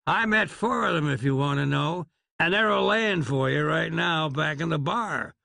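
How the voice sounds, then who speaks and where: A man voicing a blunt, worried frontier saloon woman with a twangy drawl, pitched up high. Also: lively intonation, normal speed, vocal fry, bright, forceful tone, no room sound, clean studio sound, exaggerated voice. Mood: insistent. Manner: blunt and insistent.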